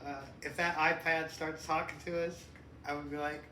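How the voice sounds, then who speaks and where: A middle-aged man co-hosting a casual podcast as the father, rambling and profane, breaking into loud mocking rants. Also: a little high, little pitch movement, normal speed. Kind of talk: casual chat. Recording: echoey room, distant mic.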